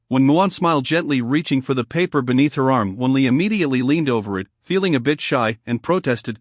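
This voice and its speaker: A man narrates a novel in a steady, measured way. His voice sits at an ordinary middle pitch. The sound is dry and close, with no room around it. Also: no room sound. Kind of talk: audiobook reading of a romance novel.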